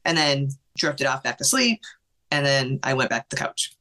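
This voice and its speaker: A woman guest on a podcast telling a personal story in conversation, in an emotional, fast-flowing way with many fillers. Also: very deep voice, expressive, sharp tone.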